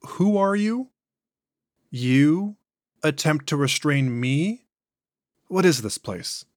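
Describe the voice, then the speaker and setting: A man voicing a slow, contemptuous ancient entity. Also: on the high side, animated, dry recording, studio quality, voice pushed up. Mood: cold contempt. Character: ancient cold entity possessing a man's body.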